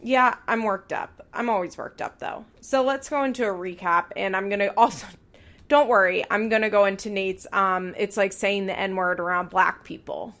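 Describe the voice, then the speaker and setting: A woman's voice: medium pitch, normal speed, fairly bright tone. A young woman hosting a podcast, recapping a show in heated, profane rants. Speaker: podcast host.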